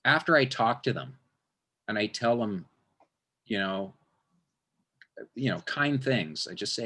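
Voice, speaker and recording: A man's voice: lowish voice, lively intonation, measured pace, pauses often, sharp tone. A man, a magician, talking in a casual interview, rambling with frequent restarts and acting out quotes.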